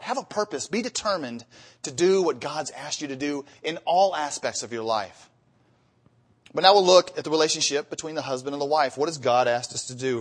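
A man preaching a sermon, telling humorous marriage stories and then reading scripture with rising emphasis. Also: mid-range voice. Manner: storytelling with acted-out marital dialogue. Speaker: pastor.

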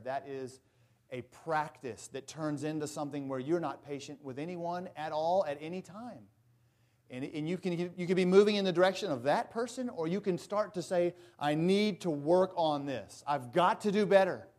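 Male pastor, sermon, emphatic with folksy touches, fairly high voice. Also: darkish tone. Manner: earnest, emphatic, folksy asides.

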